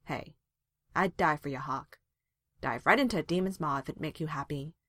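A woman's voice: low voice, moderate pace, no room sound, studio quality. Varric, as a woman reads him, wry and teasing. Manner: bright, joking, light. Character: wry teasing man, loyal best friend.

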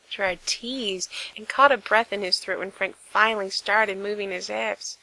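A woman narrating a story aloud in an unhurried, intimate reading style. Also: medium pitch, steady tone, pushed and bright, rough recording. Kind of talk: reading fan fiction aloud.

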